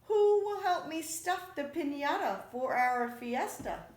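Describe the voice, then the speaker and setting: Picture a fussy, hard-working lady iguana from a storybook, bossy and fed up with her lazy friends, put on by a woman. Her voice pitches up high and pushes loud and emphatic. It rings in an echoey room. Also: expressive, slow. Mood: insistent.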